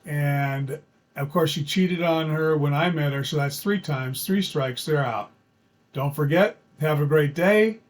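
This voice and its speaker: A man's voice: fairly high pitch, unhurried. Earnest, folksy middle-aged man telling a story. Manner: earnest, folksy, repeats phrases for emphasis. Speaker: storyteller giving dating advice. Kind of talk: casual personal storytelling.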